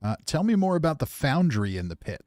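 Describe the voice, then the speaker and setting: A man's voice: a little high, sing-song, brisk, a little mellow, no room sound, studio quality, faint music behind. A man streaming a game, giving casual commentary in a grumpy, offhand way and reading out chat comments. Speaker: gaming streamer.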